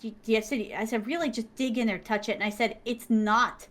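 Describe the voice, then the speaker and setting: Woman, interview guest, excitable storyteller, slightly high voice, acts out quotes. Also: a little fast. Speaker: interview guest, manga creator. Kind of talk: animated storytelling.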